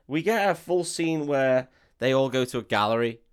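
Sweary man, smooth clear voice. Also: mid-range voice, animated, normal speed. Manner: sweary, mocking, breaks into silly voices and hummed tunes. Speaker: podcast co-host. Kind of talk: casual film review chat.

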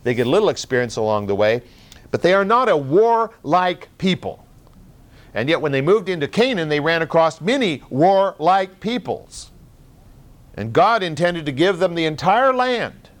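A man's voice: a little high, big pitch swings, moderate pace. A man preaching a sermon in a conversational teaching style, reading scripture aloud and driving points home with rhythmic repetition.

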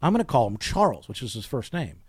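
A podcast co-host retells a behind-the-scenes story in casual chat, animatedly acting out the quotes. His husky, mid-range voice moves at a quick pace, captured in a clean, dry studio recording.

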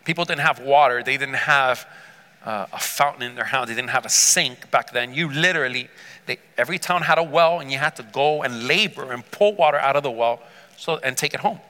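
A man preaching a sermon, retelling a Bible story with lively character voices and calling on the congregation to respond. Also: a little high, moderate pace. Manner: engages congregation with call-and-response. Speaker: pastor. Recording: reverberant church hall.

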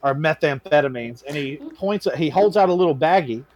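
A young man tells a story on a casual podcast. His voice sits a little high for a man, and his telling is animated, profane and self-mocking. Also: fast talker. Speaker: podcast co-host.

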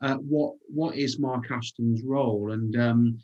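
A man's voice: mid-range voice, steady tone, a little slow, muffled recording. A man giving thoughtful opinions on football in casual chat, with frequent ums. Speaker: football show pundit.

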